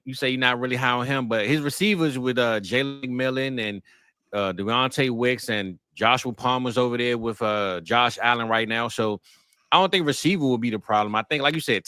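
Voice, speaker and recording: A slangy, easygoing man chats on a podcast, his voice bright and forceful against a dry, close mic. He keeps it loose and friendly, with an everyday delivery. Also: mid-range voice, clean tone, no room sound. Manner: laid-back, slangy, calls people man. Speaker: podcast co-host. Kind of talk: casual chat.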